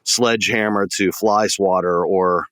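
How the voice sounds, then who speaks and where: Low-voiced man, jokey podcast host. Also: fairly even intonation, unhurried, fairly bright tone, smooth, no echo. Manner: jokey, chatty. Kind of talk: casual interview talk.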